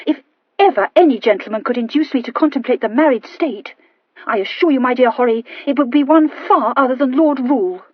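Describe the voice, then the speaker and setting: A woman voicing a prim, high-minded young lady who intones her reproofs. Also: brisk, no room sound, muffled recording.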